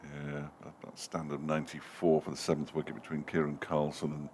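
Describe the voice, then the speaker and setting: A man's voice: rumbling low, flat delivery, brisk, a little mellow, a little hiss or hum. A man giving live ball-by-ball cricket commentary from a commentary box, lifting his voice to call the runs.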